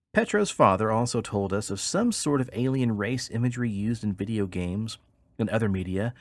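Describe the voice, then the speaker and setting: A male podcast host recounts his findings in a steady, measured storytelling manner. His voice is fairly low, recorded dry and close with no room sound. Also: dry recording. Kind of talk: narrating research.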